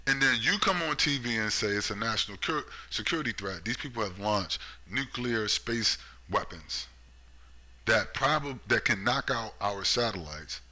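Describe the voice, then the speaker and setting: Casting note: ranting political commentator, a man with a very bright, sharp voice, sarcastic and profane. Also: on the low side, lively intonation, moderate pace. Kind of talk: ranting monologue.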